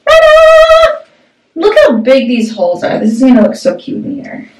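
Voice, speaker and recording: A woman's voice: fairly high pitch, a little fast, heavy background noise. A young woman reviewing a shower curtain in a casual, upbeat vlog, talking with lots of "um" and "like". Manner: chatty, upbeat, with frequent "um" and "like". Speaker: product reviewer. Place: small home bathroom. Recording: echoey bathroom, mic at a distance.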